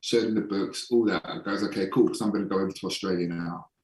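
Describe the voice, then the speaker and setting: A man with a low voice tells his story in a casual podcast interview, frank and sometimes swearing, slowing down to stress points. His voice sits somewhat back from the microphone in an echoey room. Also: fairly even intonation, a little mellow, distant mic. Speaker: podcast guest, holistic performance coach.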